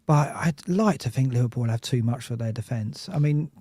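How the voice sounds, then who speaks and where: A man's voice: mid-range voice, moderate pace, dark tone, dry recording. A man co-hosting a football podcast, chatty, laughing easily and restarting his sentences. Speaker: podcast co-host. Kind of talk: casual football chat.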